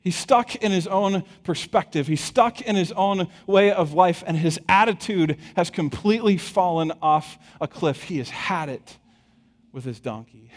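A man preaching a sermon, retelling a scripture story with an animated, chuckling storytelling manner and addressing the congregation directly. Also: sits high, unhurried. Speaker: pastor. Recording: long hall reverb.

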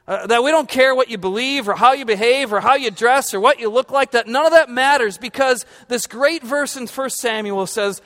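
A man's voice: very high voice, normal speed, few pauses, a bit bright, big-room sound. A male pastor preaching a conversational sermon, quizzing his congregation and slipping in humorous asides.

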